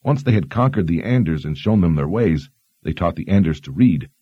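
A man voicing a learned young woman who explains history in a measured, explanatory way. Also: deep voice, expressive, slightly rough, no room sound, lo-fi sound. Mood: explaining.

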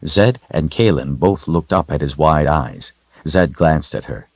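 Deep-voiced male audiobook narrator. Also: expressive, measured pace, dry recording, highs cut off. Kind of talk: scripted narration.

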